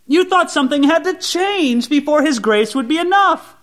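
Man preaching a sermon, high voice, very animated pitch, drops to quiet asides then lifts to emphatic lines. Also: normal speed. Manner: expressive preaching, swinging between soft low asides and raised emphatic lines. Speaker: pastor.

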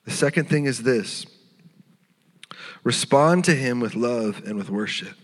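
A man preaching a sermon as pastor, earnest and tender, sometimes dropping to a hushed voice. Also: medium pitch, expressive, measured pace, long reverb tail. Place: church sanctuary.

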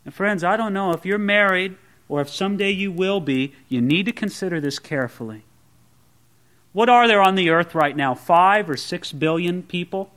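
A man's voice: high-pitched, moderate pace, a bit bright. A man preaching a sermon to a congregation, earnest and emphatic, with pointed rhetorical questions. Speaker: pastor.

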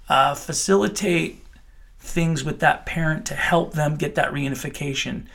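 Earnest man with a gravelly voice. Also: a little high, a little slow, fairly bright tone. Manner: earnest, heartfelt, with many restarts. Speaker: child welfare official. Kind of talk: radio interview answers.

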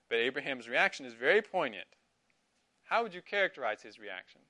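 A man's voice: medium pitch, sing-song, fairly quick, bright, forceful tone. A middle-aged man teaching a Sunday school class, asking his students questions and affirming their answers. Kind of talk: interactive Bible class.

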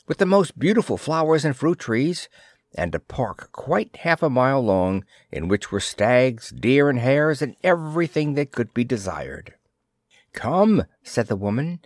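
A man narrates a fairy tale at an unhurried pace, his pitch rising and falling expressively. The recording is close and dry, with no room sound. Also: dry recording. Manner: measured, expressive storytelling. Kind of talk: fairy tale read aloud.

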